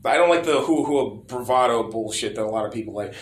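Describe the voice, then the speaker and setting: A man's voice: medium pitch, quick pace, a bit bright. Rambling, swearing man in an echoey room. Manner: rambling, stammering restarts, frequent swearing. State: hoarse, losing his voice. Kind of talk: casual chat. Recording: roomy echo.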